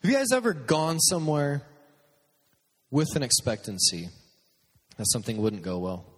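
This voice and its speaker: A man's voice: fairly high pitch, expressive, normal speed, fairly bright tone, breathy edge, long reverb tail, soft background music. A man hosting a podcast, giving a message through humorous, self-deprecating personal stories and acting out what people said. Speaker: youth speaker and podcast host. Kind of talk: storytelling sermon.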